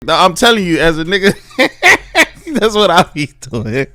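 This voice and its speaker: A man's voice: high-pitched, big pitch swings, measured pace, bright, forceful tone, dry recording. A laid-back man reacting to clips and giving casual commentary.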